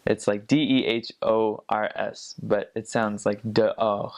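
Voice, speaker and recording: A man's voice: on the low side, steady tone, a little slow, creaky, poor audio. An American man explaining at length in a casual way, often stopping and restarting phrases, heard from a video played back. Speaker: commenter in the reacted video.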